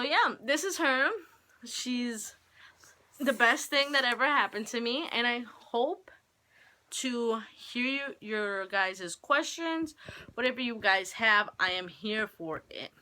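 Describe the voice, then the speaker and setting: A teenage girl at home, holding her baby, vlogs casually to the camera about being a young mom. Her medium-pitched voice sounds pushed and bright, and she rambles chattily, filling her speech with lots of "like."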